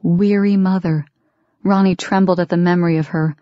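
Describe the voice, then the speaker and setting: A woman reading an audiobook in steady, measured scripted narration. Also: fairly low pitch, dry recording. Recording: dry, dull lo-fi recording.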